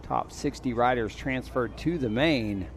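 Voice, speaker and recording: A man's voice: mid-range voice, slight background noise. A man announcing a live mountain bike race, calling results and rider call-ups over the PA. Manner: lively, rapid event announcing. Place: outdoors at a bike race venue.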